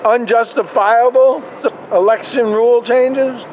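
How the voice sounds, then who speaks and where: A man's voice: very high voice, fairly even intonation, unhurried, muffled recording, a little hiss or hum. A man hosting a podcast, giving opinionated, blunt political commentary in a conversational way. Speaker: podcast host.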